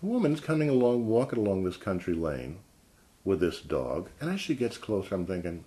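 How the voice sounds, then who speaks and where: A man vlogger telling a casual story, swinging between low mutters and excited outbursts. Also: moderate pace.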